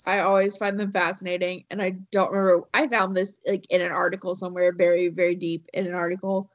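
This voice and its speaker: A woman's voice: lowish voice, little pitch movement, fast, dull audio. A woman co-hosting a podcast, telling a story in casual chat with lots of fillers and laughs. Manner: rambling with many fillers and laughs. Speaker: podcast co-host.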